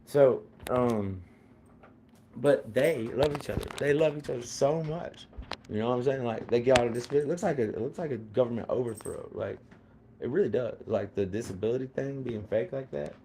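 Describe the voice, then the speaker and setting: A man with a drawl rambles through a casual monologue, circling back and repeating himself with endless fillers. His voice sits at a middle pitch with a dark, mellow tone, and a faint hiss of noise runs underneath. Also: moderate pace. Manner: rambling, repetitive, many fillers and restarts.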